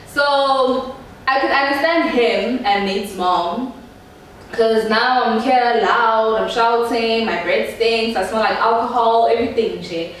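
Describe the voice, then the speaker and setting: A young woman telling a story to her viewers in an animated, slangy way. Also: fairly high pitch, slow, recorded from a distance, slight background noise. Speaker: vlogger. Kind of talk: storytime chat. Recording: echoey room, voice a bit off-mic.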